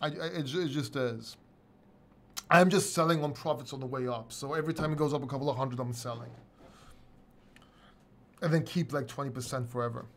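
A man's voice: mid-range voice, brisk, long pauses. A middle-aged man hosting a casual livestream chat, rambling, swearing and laughing often. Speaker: host.

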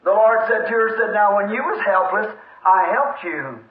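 Brief: fervent Southern preacher, man, high voice, echoey lo-fi church tape. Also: normal speed. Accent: Southern American. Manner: fervent, excitable, shouting praise. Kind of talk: storytelling revival sermon.

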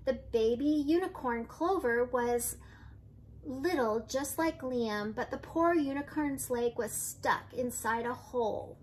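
An older woman, a grandmother, reading a children's picture book aloud in a gentle storytelling way, with light voices for the characters. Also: high voice, slow pace, slight background noise.

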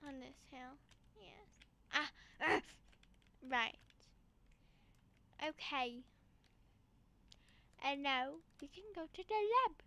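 A woman giving excitable, playfully dramatic gameplay walkthrough commentary as a gaming channel host. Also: sits high, slow, long pauses.

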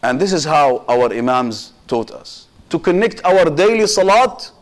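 Guy preaching a muharram sermon, fervent, voice climbs high on key words, quotes arabic. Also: sing-song, measured pace. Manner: impassioned, rising and falling emphasis with Arabic quotations. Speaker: sheikh giving a Muharram lecture. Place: community mosque hall.

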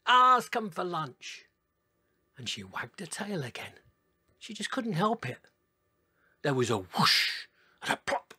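A man reading a children's storybook aloud in a gentle, expressive way. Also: on the high side, a little slow, pauses often, husky, dry recording, studio quality. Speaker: narrator.

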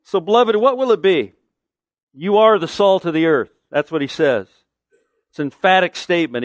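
A man's voice: fairly high pitch, moderate pace, dry recording, studio quality. A middle-aged man preaching a sermon as pastor, earnest and conversational, asking the listeners pointed rhetorical questions.

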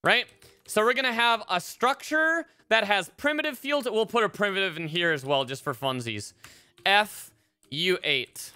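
A woman's voice: mid-range voice, animated, moderate pace, bright, forceful tone, clear, resonant tone, dry recording. A woman live-coding on a stream, chatting casually and swearing freely as she thinks aloud. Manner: profane, thinks aloud with fillers. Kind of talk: casual live-stream chat while programming.

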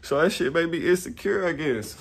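A man's voice: fairly high pitch, lively intonation, fairly quick, creaky, husky. A young man talking straight to camera in a rambling, profane, self-reflective vlog monologue, often laughing at himself. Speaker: YouTuber. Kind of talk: casual motivational monologue.

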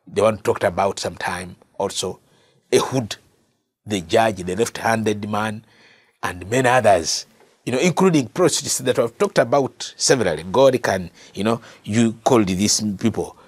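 A man's voice: on the low side, dry recording. A man with a Ugandan accent teaching a Bible lesson as a sermon, earnest and repeating key phrases for emphasis. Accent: Ugandan English. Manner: addresses listeners as brother and sister. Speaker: preacher.

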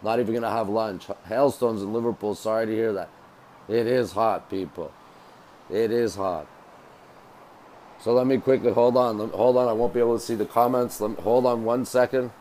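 Man from Montreal, mellow low voice, phone held at arm's length, faint outdoor ambience. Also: fairly even intonation, normal speed, a little hiss or hum, low-quality recording. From Montreal, Canada. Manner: chatty, repeats phrases, greets viewers by name. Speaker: livestream host. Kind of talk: casual live-stream chat greeting viewers. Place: hotel balcony by the beach, outdoors.

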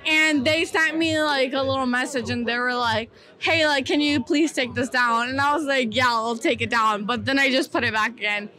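Blunt, foul-mouthed young woman, bright voice. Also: sits high, fairly even intonation. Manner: blunt, profane, fast-talking. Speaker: interviewee. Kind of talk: casual street interview chat. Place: outdoors on a busy street.

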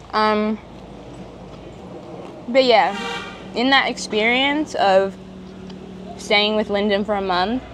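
A woman's voice: medium pitch, drawn-out words, long pauses, noisy background. A young woman from Australia telling her story in a casual vlog while she eats, rambling with many fillers and restarts, sometimes talking with her mouth full. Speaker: vlogger. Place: outdoor eatery.

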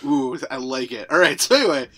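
A man's voice: medium pitch, animated, brisk, fairly bright tone. A young man co-hosting a podcast, chatting casually and joking around. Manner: jokey, playful, often riffing in silly voices. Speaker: podcast co-host. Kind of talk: casual chat.

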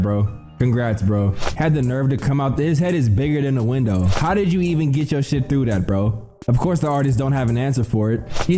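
A young man who streams, roasting cartoon clips in a slangy, animated style and calling his chat "bro.". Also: mid-range voice. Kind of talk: casual comedic commentary.

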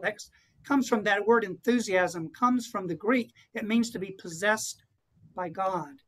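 Earnest priest preaching a retreat talk. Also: male voice, high voice, fairly bright tone, poor audio. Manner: earnest, asks the room rhetorical questions.

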